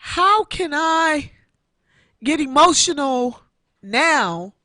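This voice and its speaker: A woman's voice: fairly high pitch, animated, takes it slowly, fairly bright tone, no echo, studio quality. A woman in her sixties hosting an online radio show, giving an emotional personal testimony and repeating her phrases like a preacher. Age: 60s. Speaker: internet radio show host.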